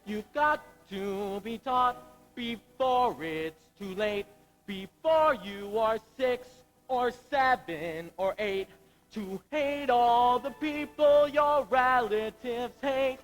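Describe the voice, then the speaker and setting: A man's voice: extremely high pitch, lively intonation, slow pace, faint music behind, exaggerated voice, poor audio. A teenage boy acting and singing as a troubled young Marine lieutenant in a school musical on stage. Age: late teens. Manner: anguished, searching, sung ballad. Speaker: student actor in a school musical.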